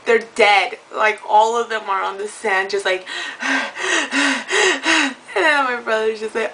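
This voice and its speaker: In a laid-back vlog, a twenty-something woman recounts a story slowly, her voice fairly high, giggling a lot and animatedly acting out others' lines. She sounds far from the mic. Slight background noise makes the audio poor.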